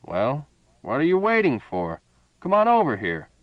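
A man's voice: medium pitch, wildly swooping pitch, normal speed, no room sound, dull audio, pitched above the performer's own voice. A man voicing a drunken, boastful older army colonel who talks in a slurred, blustering way.

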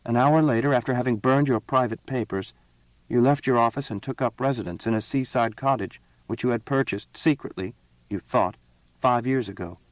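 A man voicing a proud, impatient young empress in an audiobook reading, speaking higher and more commandingly than his own voice. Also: normal speed, dry recording, lightly acted. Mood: imperious. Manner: raised pitch, commanding and cutting.

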